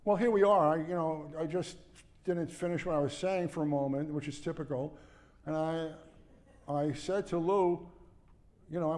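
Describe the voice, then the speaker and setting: Older male ex-prosecutor guest, a touch high-voiced, wandering anecdotes in a reverberant room. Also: moderate pace, darkish tone. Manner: digressive, restarts sentences, acts out quoted dialogue. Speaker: interview guest, former prosecutor. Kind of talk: rambling storytelling interview.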